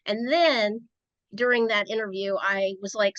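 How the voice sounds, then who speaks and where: A woman from Rhode Island, a guest on a podcast, tells stories in a chatty, casual interview. Her medium-pitched voice is fairly bright with a steady tone and moderate pace, captured in a dry, dull lo-fi recording.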